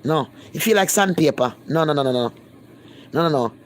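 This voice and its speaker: A woman's voice: sits low, expressive, brisk, a little hiss or hum. A Jamaican woman holds a casual live-stream chat with her viewers, speaking in thick patois. She talks bluntly and emphatically, repeating lines to press her point. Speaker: vlogger.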